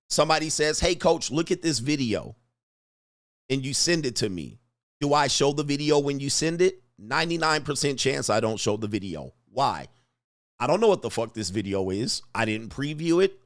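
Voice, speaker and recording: A man hosting a livestream, talking casually with sudden loud bursts and lots of swearing. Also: mid-range voice, dry recording, clean studio sound. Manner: rapid shifts between flat talk and sudden loud bursts, profane. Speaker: live stream host.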